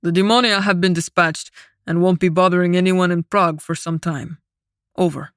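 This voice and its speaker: A woman's voice: on the low side, steady tone, moderate pace, clear, resonant tone, no echo, studio quality, close to an everyday voice. A woman doing a cocky demi-angel warrior. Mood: cool. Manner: flippant, cool radio replies.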